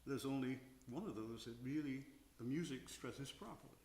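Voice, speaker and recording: An older man, a long-time opera tenor, talks reflectively and slowly about singing at a stage Q&A in a concert house, occasionally singing brief examples. His voice is medium-pitched and darkish, with a roomy sound.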